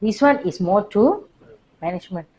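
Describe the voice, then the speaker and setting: A woman teaching a workplace class, lively but slowing for deliberate emphasis. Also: mid-range voice, a little hiss or hum, low-quality recording. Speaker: workplace trainer. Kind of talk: classroom lecture.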